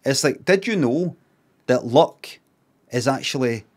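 A man's voice: mid-range voice, animated, measured pace, a little mellow. Sweary Scottish man musing aloud. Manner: rambling, repetitive, sweary musing. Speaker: streamer. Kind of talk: casual live-stream reaction.

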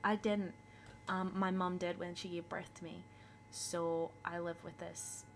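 A woman's voice: fairly low pitch, little pitch movement, unhurried, a little hiss or hum. Teasing woman guest. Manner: teasing and playful. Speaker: guest friend. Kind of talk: casual chat.

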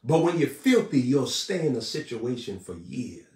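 A man preaching a live sermon in a fiery, repetitive style, building to shouts. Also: mid-range voice, sing-song, normal speed, echoey room, far from the mic.

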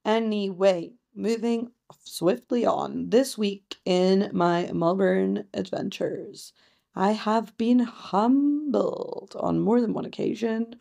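A woman's voice: mid-range voice, slow pace, gravelly, mellow. A young Scottish woman hosting her own podcast diary, self-mocking and playful, sometimes slipping into a sing-song teacher voice. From Scotland. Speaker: podcast host. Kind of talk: chatty solo podcast diary.

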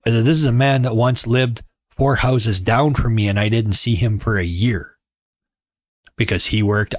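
A middle-aged man tells stories in a relaxed, joking way, his voice sitting low. The sound is close and dry, with no room echo, as if recorded at home. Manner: wry, joking, conversational. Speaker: podcast host. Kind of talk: casual storytelling monologue.

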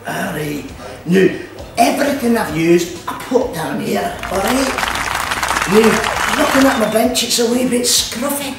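A slow, gravelly-voiced Scottish man walks through a recipe in a relaxed, chatty way, forever checking in with "all right" and "aye". He sounds far from the mic in a very echoey kitchen. Music plays clearly underneath. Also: sits high. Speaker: cooking show host. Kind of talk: casual cooking demonstration. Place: kitchen at an activity centre.

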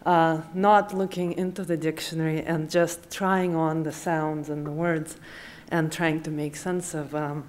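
Slow, measured woman with a Russian accent. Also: deep voice, level tone, a little mellow. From Uzbekistan. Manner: measured and deliberate, hesitant in asides. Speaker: assistant professor. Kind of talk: poetry reading at a public event.

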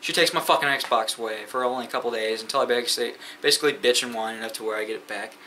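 A teenage boy, a sophomore in high school, telling school stories in a rambling, profane way with many fillers. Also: very fast, pushed and bright, slight background noise, rough recording. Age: teens. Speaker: vlogger. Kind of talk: casual storytime rant.

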